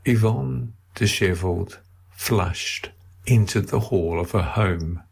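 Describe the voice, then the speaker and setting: Deep, gravelly male narrator. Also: takes it slowly, a little mellow. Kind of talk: audiobook reading of a novel.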